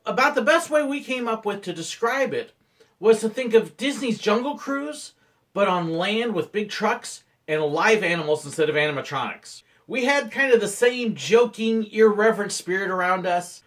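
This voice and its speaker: A man, a former theme park ride operator, telling playful stories in vlog-style narration. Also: sits high. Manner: playful, animated storyteller.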